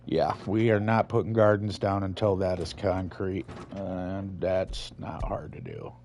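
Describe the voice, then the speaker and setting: Low, slow-talking, foul-mouthed man gaming. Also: animated, a little mellow. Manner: profane, rambling, laid-back. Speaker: gaming channel host. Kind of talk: casual gameplay commentary.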